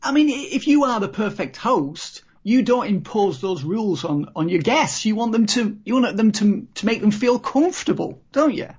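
Husky woman chatting on a podcast. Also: medium pitch, very animated, normal speed, few pauses, a little mellow. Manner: chatty, rambling, frequent "you know". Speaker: podcast co-host. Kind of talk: casual chat about reality TV. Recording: dull lo-fi podcast audio.

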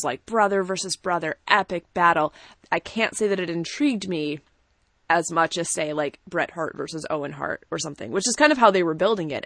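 A woman co-hosting a podcast in casual chat, animated and laughing often as she acts out quotes. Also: fairly low pitch, no echo. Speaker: podcast co-host. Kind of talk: casual chat about wrestling.

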